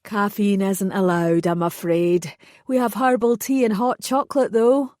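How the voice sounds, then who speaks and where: A polite, kindly male fairy receptionist from an audiobook, put on by a woman narrator. His voice is mellow and soft-edged, recorded dry and close. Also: mid-range voice, fairly even intonation, unhurried, no echo, close to an everyday voice. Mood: friendly.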